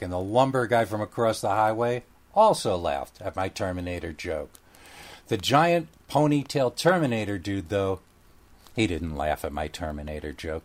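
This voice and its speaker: A man narrating a first-person story in a casual, wry storytelling manner. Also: fairly low pitch.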